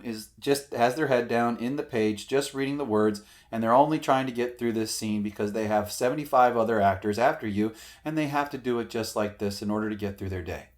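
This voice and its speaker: A middle-aged man, an acting coach, giving casual spoken advice with emphasis, swearing now and then. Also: mid-range voice.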